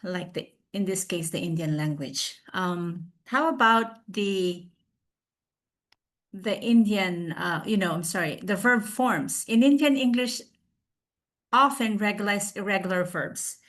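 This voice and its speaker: A woman presenting a recorded online class on a video call, explaining slowly with fillers and restarts. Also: mid-range voice, a bit bright.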